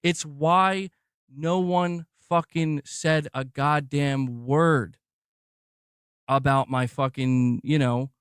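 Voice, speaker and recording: A man's voice: fairly high pitch, steady tone, extremely slow, clear, resonant tone, dry recording, clean studio sound. A man ranting heatedly and defensively, swearing often and mocking his critics. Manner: agitated, profane, mocks critics in put-on voices.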